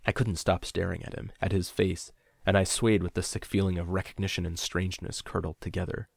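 A man narrating a first-person horror story in a measured voice that drops to a hush on tense moments. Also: deep voice, fairly even intonation, gravelly, no room sound, clean studio sound.

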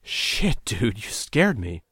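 A man voicing a frightened young man of twenty, nervous and pitched up. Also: sing-song, slow, a bit bright, husky, no echo, studio quality, full character voice. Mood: startled. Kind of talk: audiobook character voice.

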